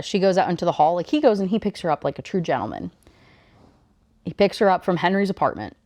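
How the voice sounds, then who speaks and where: A woman's voice: on the low side, a little mellow, no echo, clean studio sound. A young woman recapping a novel in a casual, chatty book review, with lots of fillers and blunt asides.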